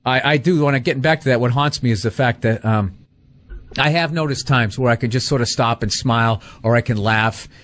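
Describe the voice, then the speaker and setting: A man's voice: mid-range voice, fairly quick, fairly bright tone. A middle-aged man, a comedian, telling rambling self-deprecating road stories full of swearing. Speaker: comedian guest. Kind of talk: casual storytelling chat.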